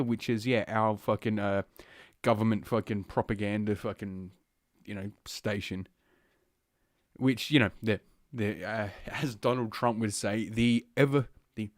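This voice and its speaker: A man's voice: on the low side, no echo, studio quality. A man hosting a solo podcast, rambling and crude, a little out of breath. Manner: rambling, crude and heavily profane. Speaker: podcast host. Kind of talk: casual solo podcast rant. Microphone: podcast microphone.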